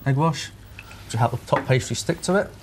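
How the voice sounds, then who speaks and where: A man's voice: mid-range voice, brisk, background noise. A man from Cornwall, a first-time TV guest chef, steadily explaining how he makes a pie. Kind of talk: talking through a recipe on TV.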